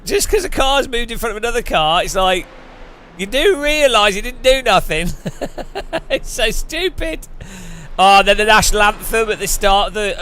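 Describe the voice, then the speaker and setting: A man's voice: high-pitched, bright, forceful tone, a little hiss or hum. An English man streaming a racing game, chatting casually in a joking, sarcastic way and laughing often. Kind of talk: casual chat while sim racing.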